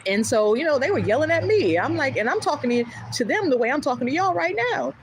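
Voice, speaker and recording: A woman's voice: sits high, fast, slight background noise, low-quality recording. A woman hosting a livestream, casually telling a story. She acts out the back-and-forth dialogue and laughs often as she talks. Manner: animated, retells events with quoted back-and-forth dialogue; laughs often while talking.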